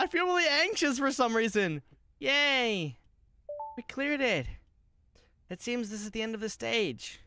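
Male streamer for horror game commentary; bright, swings his pitch widely, panics and swears, faint game music behind. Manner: jumpy, panicky, swears a lot.

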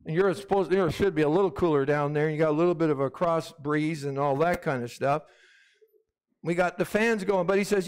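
Male pastor with a high voice, emphatic sermon delivery and congregational call-outs, in a long-reverb sanctuary. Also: moderate pace, clear, resonant tone. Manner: emphatic, calls for "Amen?" from the congregation. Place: hot church sanctuary with fans running.

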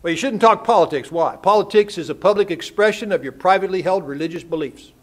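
A man's voice: high-pitched, fast talker. An older man preaching a sermon, folksy and full of rhetorical questions and homespun stories. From United States. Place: church sanctuary.

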